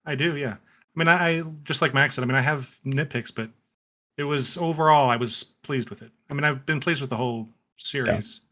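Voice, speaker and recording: Measured man podcaster, mid pitch. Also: pushed and bright. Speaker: podcast co-host. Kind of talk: casual chat.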